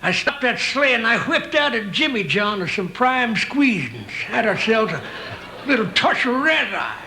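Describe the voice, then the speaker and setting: A man's voice: very high-pitched, big pitch swings, unhurried, bright, forceful tone, voice pushed up, exaggerated voice. A man voicing a boastful old cowboy, telling a yarn with a folksy drawl.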